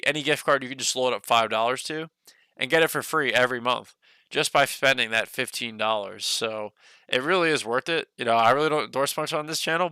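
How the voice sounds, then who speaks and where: A man's voice: mid-range voice, pushed and bright, clear, resonant tone, dry recording. A young man hosting a casual stock livestream, rambling loosely with lots of "like" and "you know", a bit short of breath.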